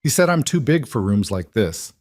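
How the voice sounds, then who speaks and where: A man's voice: mid-range voice, sing-song, moderate pace, a little mellow, dry recording, studio quality. A man voicing a hurt young woman in a romance story, speaking hesitantly and near tears. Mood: hurt, tearful. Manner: hesitant, stammering, whispery.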